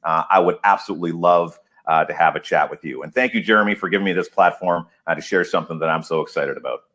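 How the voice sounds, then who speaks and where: A man speaking as a podcast guest, excited and emphatic, laughing often as he talks. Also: low voice, fast. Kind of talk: enthusiastic podcast interview.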